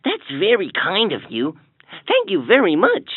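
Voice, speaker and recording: An eager young storybook hero. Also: female voice, medium pitch, wildly swooping pitch, unhurried, slightly rough, no echo, heavily acted. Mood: cheerful. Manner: bright, enthusiastic storybook narration. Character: upbeat young hero traveling with a pal. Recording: tinny lo-fi toy speaker with soft music.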